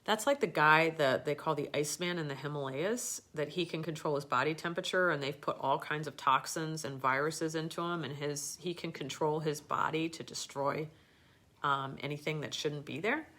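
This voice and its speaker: Middle-aged female host with a low voice; loose, rambling storyteller. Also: normal speed, fairly bright tone. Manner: rambling, with many fillers and restarts. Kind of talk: casual storytelling on a live show.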